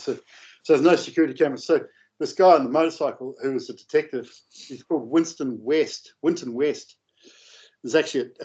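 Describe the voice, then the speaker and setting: A man telling a long, rambling anecdote in a casual, animated way, with coarse language. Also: mid-range voice. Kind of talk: casual storytelling. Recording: dull lo-fi audio.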